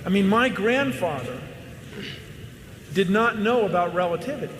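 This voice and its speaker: A man answers an audience question in a confident, explanatory way. His voice sits high, and it rings with long reverb across a large hall. A faint ambient hum sits under it. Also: lively intonation, normal speed. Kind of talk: public Q&A. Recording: echoey hall.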